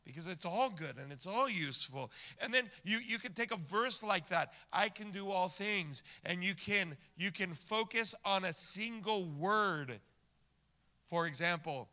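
Bright-voiced male pastor preaching a sermon. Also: sits high, animated. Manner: repeats lines over and over, swinging from loud shouts to hushed whispers; talks straight to the congregation with quick asides and questions.

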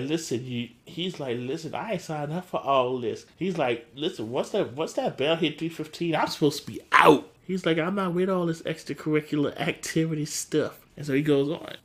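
A man's voice: moderate pace, hardly any pauses. A man, recapping a TV episode in casual chat and acting out the characters' lines with laughter. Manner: animated, acts out characters' lines with big pitch jumps and laughter. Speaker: podcast co-host recapping a TV episode.

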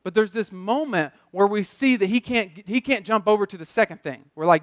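A man with a noticeably high voice preaches a sermon in a relaxed, chatty storytelling manner. He often restarts and repeats words mid-thought. The sound is dry and close, with no room echo. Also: brisk, hardly any pauses. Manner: conversational storytelling, repeats words while thinking. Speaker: pastor.

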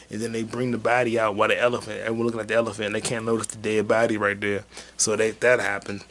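A man's voice: lowish voice, level tone, fast talker, fairly bright tone, slight background noise. A man hosting a solo podcast, rambling through a movie review in a profane, joking way. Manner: rambling, profane, jokey, puts on silly voices for quotes. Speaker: podcast host. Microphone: mic on camera.

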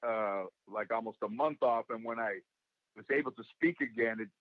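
A man with a raspy, worn voice talks casually as an interview guest. He tells stories with energy and acts out other people's lines. The sound is dull and dry, with no room echo. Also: mid-range voice, moderate pace. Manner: animated storyteller who acts out quotes. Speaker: guest, actor and comedian.

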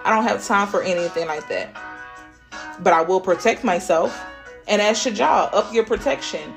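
A woman's voice: mid-range voice, moderate pace, creaky, over music. Blunt, profane woman podcaster. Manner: blunt and profane, swears freely. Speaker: podcast host. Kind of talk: casual spiritual pep talk.

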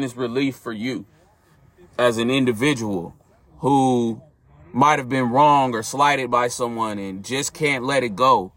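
A podcast host tells a personal story in an earnest, reflective way, addressing his listeners directly. His mid-range voice has a fairly bright tone, and the recording is dry.

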